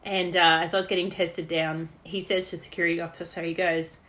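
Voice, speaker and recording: Australian woman with a lower voice, talking off the cuff and fondly recalling family stories, chatty. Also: little pitch movement, a little fast, few pauses, a bit bright. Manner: chatty, reminiscing, laughs between stories. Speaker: daughter giving a birthday message. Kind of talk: unrehearsed personal birthday message.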